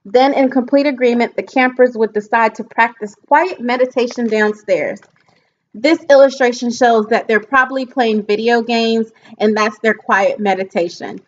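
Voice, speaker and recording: A young woman, an education student, giving an earnest, halting book report presentation and mixing reading with comments. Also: on the high side. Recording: dull lo-fi home recording with faint noise.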